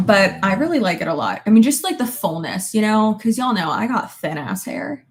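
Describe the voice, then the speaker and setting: A woman's voice: mid-range voice, sing-song, brisk, hardly any pauses, slight background noise. A woman in her thirties chatting casually with her viewers, laughing often and swearing now and then. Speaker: vlogger reading viewer comments. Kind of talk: casual chat.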